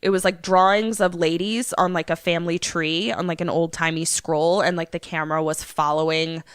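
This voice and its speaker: A woman co-hosting a podcast who recaps a movie in casual chat, animated and swearing now and then. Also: on the low side, moderate pace, smooth, no room sound, studio quality. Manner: animated storyteller, swears casually, acts out lines. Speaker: podcast co-host.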